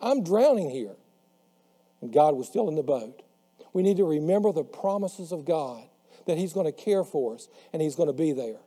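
A man preaching a sermon who slows down and drops his voice on the words he wants to stress. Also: on the high side, expressive, dark tone. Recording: long hall reverb.

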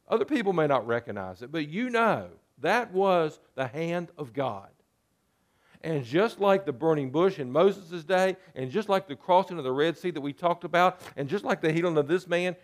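A man's voice: fairly high pitch, expressive, moderate pace. A man preaching a sermon as pastor, talking conversationally and putting rhetorical questions to his listeners.

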